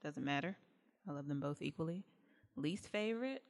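A woman chatting casually in a group, playful and quick to laugh. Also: low-pitched, expressive. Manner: playful, laughs between answers.

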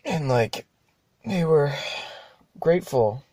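A man's voice: fairly high pitch, expressive, slow, mellow, no echo. A young man hosting a show alone, rambling casually, swearing often and laughing at himself. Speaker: podcast host. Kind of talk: casual monologue.

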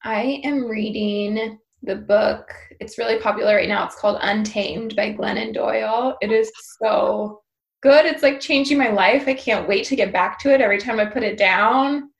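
A woman's voice: mid-range voice, moderate pace, gravelly, roomy sound, lo-fi sound. A woman co-hosting a parenting podcast, talking in a casual, chatty way with lots of "like". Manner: chatty, peppered with "like". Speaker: podcast co-host.

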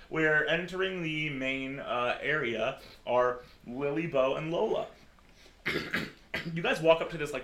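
Bright-voiced male game master. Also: mid-range voice, roomy sound. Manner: rambling with many "like" fillers. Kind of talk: narrating a tabletop game.

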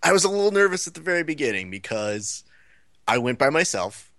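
Animated male podcast storyteller. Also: on the high side, brisk, dry recording, clean studio sound. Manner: animated, acts out the people in his stories. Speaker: podcast co-host. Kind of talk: casual storytelling chat.

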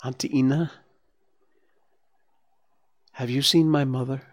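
A man's voice: on the high side, animated, moderate pace, no room sound, voice pushed up, lightly acted. A man doing a timid young fawn boy.

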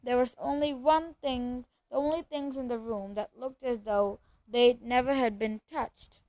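A woman with a fairly high voice reads a children's novel aloud at a steady pace. She sometimes stumbles and restarts a phrase. The recording is dry and close, with no room sound. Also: unhurried, no echo, rough recording. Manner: steady reading with occasional slips and restarts. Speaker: reader.

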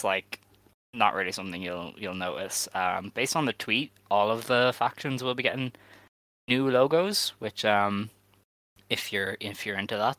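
A man's voice: fairly low pitch, no room sound, rough recording. A man co-hosting a podcast, chatting casually about news with plenty of ums and restarts. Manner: relaxed, hesitant with many fillers. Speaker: podcast co-host. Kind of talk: casual chat.

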